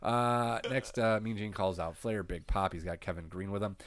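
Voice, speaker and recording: A man's voice: fairly low pitch, moderate pace, fairly bright tone. A man co-hosting a casual recap chat, laid-back and swearing freely, getting over a cold. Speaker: podcast co-host recapping wrestling.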